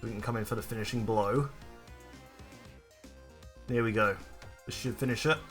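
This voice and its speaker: A man's voice: on the low side, normal speed, fairly bright tone, soft background music. A young man casually commenting on a video game as he plays, muttering asides and chuckling at what happens on screen. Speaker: let's play host.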